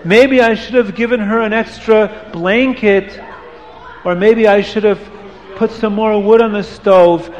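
A man telling a moral story to listeners, hushing them and moving between soft and emphatic delivery. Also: sits high, long reverb tail, highs cut off.

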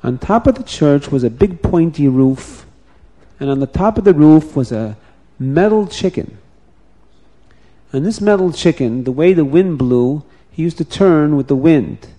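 Animated man telling a folk tale. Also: fairly high pitch, a little slow. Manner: animated, repeats phrases, restarts words. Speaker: storyteller.

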